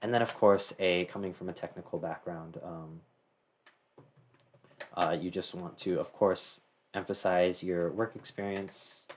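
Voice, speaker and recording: A man's voice: low-pitched, steady tone, a little slow, a little hiss or hum. A teenage boy casually talking through a screen-share tutorial, rambling with many fillers and self-corrections. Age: teens. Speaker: tutorial host.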